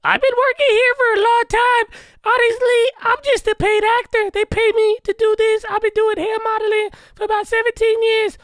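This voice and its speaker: A silly, squeaky male employee figure, put on by a man, with a voice pushed far above his normal pitch. He talks in a flat, confessional way and sounds somewhat distant from the mic. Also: moderate pace, dry recording, clean studio sound.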